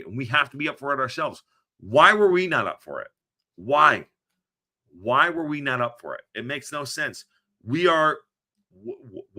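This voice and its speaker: A man hosting a football reaction podcast, talking in an animated, rambling way that often stumbles and restarts mid-sentence. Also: medium pitch. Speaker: podcast host. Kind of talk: post-match reaction chat.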